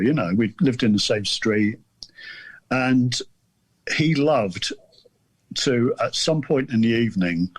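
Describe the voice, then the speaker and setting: A man's voice: mid-range voice, dry recording. A man around sixty, a guest author telling a rambling, amused anecdote in casual chat.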